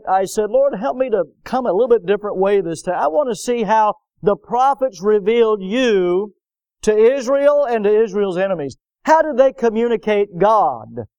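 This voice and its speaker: A man's voice: high voice, a little mellow, clean tone, no room sound. A male pastor preaching a sermon, swelling with emphasis and asking the congregation rhetorical questions.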